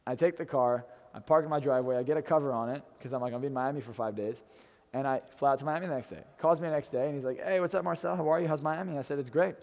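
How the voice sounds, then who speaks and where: A motivational speaker in his twenties tells an audience in a hotel event room a brash personal story full of swearing. He talks fast in a mid-range, slightly mellow voice, and a long reverb tail trails his words.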